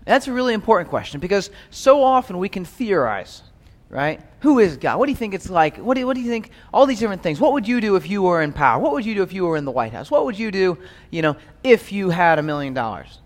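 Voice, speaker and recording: Man, pastor, high voice, conversational Bible teaching, reverberant hall. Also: big pitch swings, fast talker. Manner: conversational, keeps asking "right?". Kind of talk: Bible study sermon.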